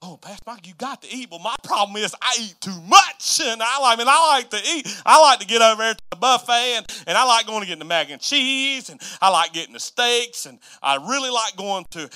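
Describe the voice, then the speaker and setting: A man's voice: extremely high pitch, lively intonation, fairly quick, hardly any pauses, bright, forceful tone, smooth. A middle-aged pastor preaching a folksy, self-deprecating sermon, asking his congregation questions. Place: church sanctuary.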